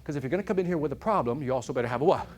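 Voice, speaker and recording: Animated male motivational speaker. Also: fairly high pitch, racing. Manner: animated storyteller, asks the audience questions. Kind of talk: keynote speech to a live audience. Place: corporate event hall.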